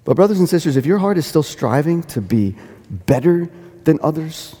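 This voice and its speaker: A man's voice: on the high side, very animated, normal speed, dark tone, husky. Earnest preacher man in a reverberant hall. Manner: earnest, repeats phrases for emphasis, rises to quoted dialogue. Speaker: pastor. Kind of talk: sermon.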